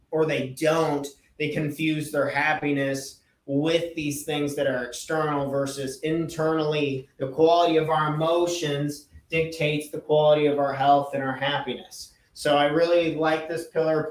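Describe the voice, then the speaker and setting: A man hosting a podcast, giving a casual motivational talk in an earnest, emphatic way and repeating his key phrases. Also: on the high side. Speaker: podcast host. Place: indoor room with a whiteboard. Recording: echoey room, voice from off-mic.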